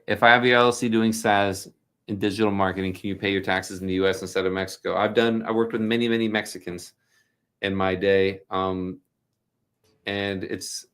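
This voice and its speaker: A man with a lowish voice hosts a loose, unscripted livestream Q&A. He rambles and jokes, scattering fillers as he answers viewer questions. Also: little pitch movement, a little fast, a bit bright, clear, resonant tone. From New Jersey. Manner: chatty, joking, rambling with fillers. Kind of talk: casual livestream Q&A.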